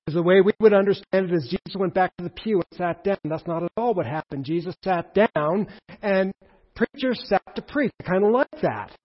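A man preaching a sermon in an animated way, with emphatic peaks and asides to the congregation. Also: high-pitched, fairly quick, highs cut off. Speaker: pastor.

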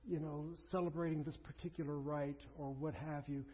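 A man preaching a sermon as pastor, conversational and animated, with asides and quoted voices. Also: a little high, moderate pace, a little hiss or hum. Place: church sanctuary. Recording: dull sound with long reverb in a hall.

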